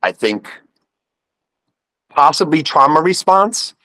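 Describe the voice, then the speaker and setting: A man's voice: fairly high pitch, very animated, slow pace, sharp tone, no echo, low-quality recording. A man in his fifties with a New York accent, a guest telling a personal story in casual conversation and acting out the voices he quotes. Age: 50s.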